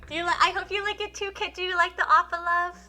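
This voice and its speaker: A woman's voice: very high voice, steady tone, quick pace, bright, forceful tone, soft background music. A young woman streaming a game live, gushing with thanks to her chat and talking in a chatty way full of fillers. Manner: gushing, emotional, many thank-yous.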